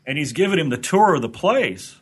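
A man's voice: a little high, big pitch swings, fairly quick, husky. Man telling a rambling story. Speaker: podcast co-host. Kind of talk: anecdotal storytelling.

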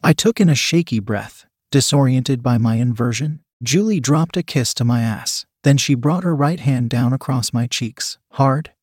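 A man's voice: medium pitch, lively intonation, normal speed, few pauses, a little mellow, breathy edge, no room sound. Man reading a story in a dry close voice. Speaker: story narrator. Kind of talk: scripted first-person narration.

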